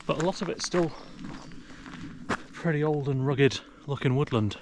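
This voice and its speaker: A man's voice: fairly high pitch, moderate pace, noisy background. Chatty English man walking in woods. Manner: chatty, talks to his dog in a raised sing-song voice. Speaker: outdoor vlogger. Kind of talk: casual walking commentary. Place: outdoors in a forest. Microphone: action camera.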